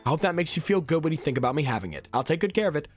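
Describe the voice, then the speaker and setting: A man reading a shy, obsessive young woman's lines in a rushed, breathless way. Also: a little high, big pitch swings.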